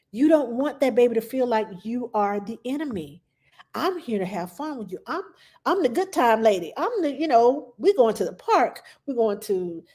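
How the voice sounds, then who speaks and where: A middle-aged woman, a nanny, giving passionate advice in a casual talk, sometimes acting out parents and children in a higher voice. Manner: passionate, animated, acts out quotes in a high voice.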